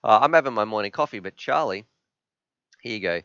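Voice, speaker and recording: A greedy, spoiled pet dog, put on by an Australian man in a low, mumbling, drawn-out voice. The tone is bright and crisp. The recording is dry and a bit lo-fi. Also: expressive, no echo. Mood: spoiled, happy. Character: pampered pet dog, male, greedy and content. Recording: dull lo-fi sound.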